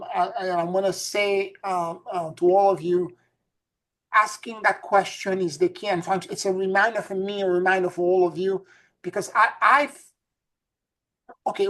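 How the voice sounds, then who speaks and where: A woman co-hosting a casual spiritual discussion, telling stories with many stammered restarts. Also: mid-range voice. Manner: stammering restarts, animated storytelling.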